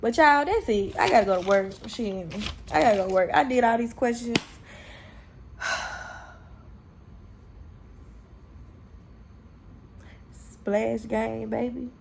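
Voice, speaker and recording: A young woman talks straight to her camera in a vlog, her voice gravelly at the edges. She tells her story candidly and with plenty of swearing, acting out what people said. A faint hiss of noise sits behind her. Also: fairly high pitch, drawn-out words, pauses often. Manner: candid, profane, animated retelling with quoted dialogue. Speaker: vlogger.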